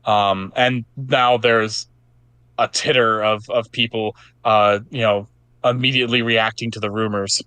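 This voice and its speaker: A man's voice: fairly low pitch, fairly even intonation, a little slow, sharp tone, clear, resonant tone, no echo. A man narrating as game master of a tabletop game, loose and casual, with frequent fillers.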